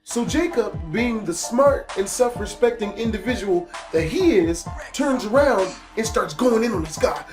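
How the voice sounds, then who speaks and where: A man telling a story in casual, profane storytime style, animated and laughing at his own tale. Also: high-pitched, moderate pace, few pauses, soft background music. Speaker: YouTube storyteller.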